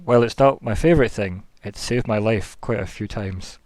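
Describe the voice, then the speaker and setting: A calm, patient paladin clerk in a tabletop game, as a game master puts him on. He speaks low and measured, dry and close to the mic. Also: no room sound, lightly acted. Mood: calm, wry. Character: tall adult male paladin clerk, calm and dryly kind.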